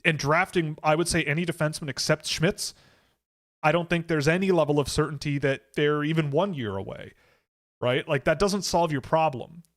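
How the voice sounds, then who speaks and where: A man's voice: on the high side, moderate pace. A man hosting a casual live stream about hockey, talking in a rambling way and often correcting himself with lots of fillers.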